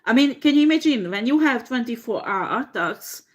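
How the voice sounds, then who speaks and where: A woman giving a tarot reading, swearing freely, laughing often and filling pauses with ums and uhs. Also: fairly high pitch. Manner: profane, laughing, animated storytelling with frequent fillers. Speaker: tarot reader.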